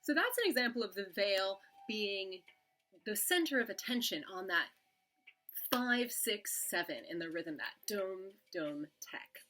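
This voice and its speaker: A woman from the UK teaching a dance lesson, explaining in a relaxed, casual way with some filler words. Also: medium pitch, measured pace. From United Kingdom. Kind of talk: casual instructional talk.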